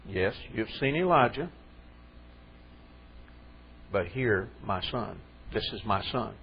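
A man's voice: on the low side, lively intonation, creaky, muffled recording, a little hiss or hum, pitched below the performer's own voice, heavily acted. A man doing a grave voice from heaven. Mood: solemn. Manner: slow, grave pronouncement. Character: solemn, majestic divine voice from heaven.

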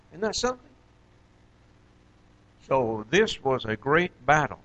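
A man's voice: medium pitch, sing-song, a little slow, long pauses, a bit bright. A man teaching an informal Bible study, talking conversationally with many fillers and questions to his listeners. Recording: dull lo-fi recording.

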